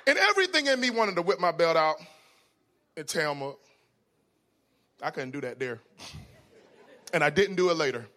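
A man preaching a humorous, storytelling sermon. He is folksy and conversational, laughs often, and swings from shouts to hushed asides. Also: fairly high pitch, sing-song, moderate pace, long pauses.

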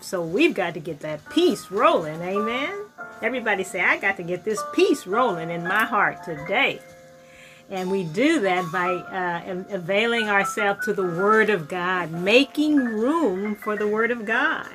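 A middle-aged woman minister delivers a sermon in an ordinary mid-range voice. She swings without warning from ringing exclamations down to breathy, hushed whispers. Quiet music plays faintly beneath her. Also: medium pitch.

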